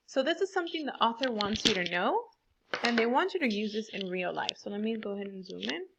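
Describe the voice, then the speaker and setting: A woman teaching a fourth grade class, explaining slowly and stressing words for young pupils. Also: mid-range voice, animated, vocal fry, lo-fi sound, noisy background. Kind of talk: online classroom lesson.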